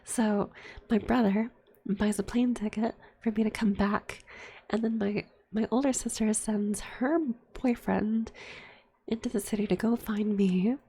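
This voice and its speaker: A woman's voice: medium pitch, fairly even intonation, unhurried, dark tone, breathy edge. A young adult woman telling a candid, profane personal story in whispered ASMR chat, full of fillers. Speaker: streamer.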